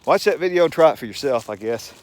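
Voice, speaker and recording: Fast and animated, with a medium-pitched voice, a man who runs a channel rattles off a rambling, folksy story to the camera while chuckling. He's at home, and a faint hum runs underneath.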